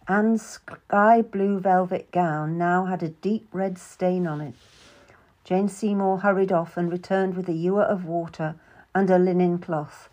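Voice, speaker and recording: A woman narrating a first-person historical novel in an even, measured storytelling manner. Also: fairly low pitch. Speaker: audiobook narrator.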